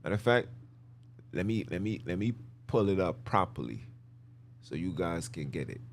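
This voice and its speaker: A man's voice: sits low, expressive, normal speed, a little hiss or hum. A man hosting a podcast, giving emphatic, repetitive religious commentary in casual slang while he talks his listeners through slides. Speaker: podcast host.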